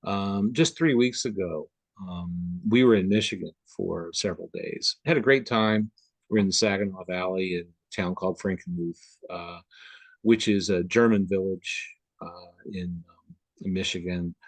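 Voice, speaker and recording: Midwest-raised guy chatting on a video call, low voice, dry close sound, lots of ums. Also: no room sound. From Upper Midwest US. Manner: rambling, many fillers and restarts. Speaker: guest. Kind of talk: casual conversation on a video call.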